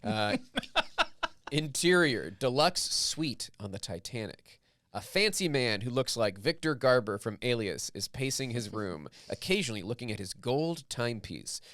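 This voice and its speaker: Male podcast host, bright and lively, narrating a comedy script read with dry close mic. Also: mid-range voice, moderate pace, no room sound. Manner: bright, animated, laughing through lines.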